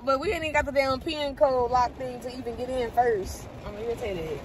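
A young woman films herself on her phone while riding in a car and stepping out into the rain. Her voice sits a little high, and she chats to her viewers in an animated way, swearing often. Traffic and street noise are loud behind her. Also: brisk. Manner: animated, swears freely, talks straight to viewers. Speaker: vlogger. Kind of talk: casual vlog chat to camera. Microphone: phone camera held by hand. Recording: noisy car and street background.

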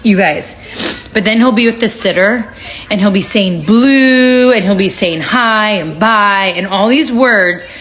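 A woman's voice: mid-range voice, a little slow, a bit bright. A woman in her thirties chatting casually on a phone livestream at home, switching to a sing-song baby voice for her toddler. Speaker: social media livestream host.

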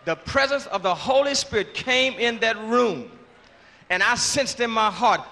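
A man giving his church testimony, halting and repeating words, then rising into shouts of praise. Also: high-pitched, animated, vocal fry. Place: large church before a congregation. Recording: reverberant church hall with congregation.

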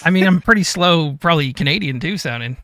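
A man's voice: fairly high pitch, fast talker, no echo. Laid-back male streamer reading chat. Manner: reads chat names in a relaxed drawl. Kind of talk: casual live-stream chat.

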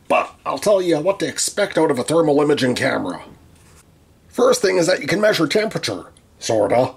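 A man's voice: fairly high pitch, very animated, fairly quick, gravelly, husky. A man narrating a tool teardown with dry, wry humor and frequent restarts. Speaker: tool reviewer.

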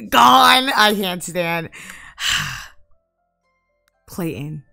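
Woman, gaming commentary, slow talker, exasperated outbursts. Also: mid-range voice, expressive, gravelly, faint music behind. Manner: exasperated, swings into loud outbursts at the game. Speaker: gaming YouTuber. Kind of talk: casual Let's Play commentary.

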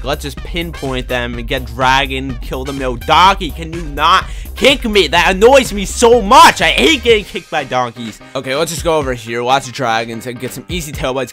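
A young man with a high, bright, sharp voice commentates his gameplay live, swinging wildly in pitch as he gets fired up and yells at other players. Faint game music plays underneath. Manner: excitable, quick to rage and yell at other players. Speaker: gaming YouTuber.

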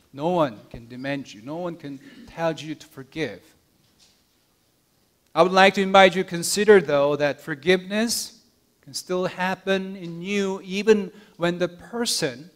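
A male pastor with a voice on the high side tells a story during his sermon, earnest and gentle. His lines often fall soft and hushed, and he makes small restarts and repeats words.

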